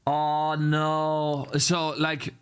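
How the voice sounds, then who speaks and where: A man's voice: fairly high pitch, monotone, very slow, background noise. A young man streaming his game programming, talking to chat while he debugs, muttering to himself and swinging between irritation and delight. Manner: swears and mutters repeated phrases to himself. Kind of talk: live coding stream chat.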